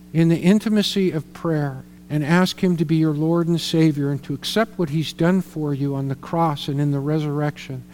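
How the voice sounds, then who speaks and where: Male pastor, middle-aged, earnest sermon storyteller, high voice, reverberant sanctuary. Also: a little mellow. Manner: storytelling, earnest, repeats words when emphatic. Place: church sanctuary.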